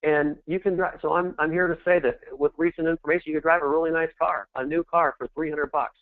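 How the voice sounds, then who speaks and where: A middle-aged man giving a motivational sales presentation, pep-talk style, swelling to shouted peaks of encouragement. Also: fairly high pitch, steady tone, fast, no echo. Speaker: network marketing presenter. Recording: tinny phone-like dry sound.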